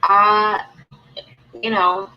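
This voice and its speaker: A woman's voice: mid-range voice, little pitch movement, very slow, dull audio. A woman hosting a casual livestream, rambling and aggrieved as she talks through her grievances and greets chat viewers by name. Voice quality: rambling, repeats and restarts. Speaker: livestream host.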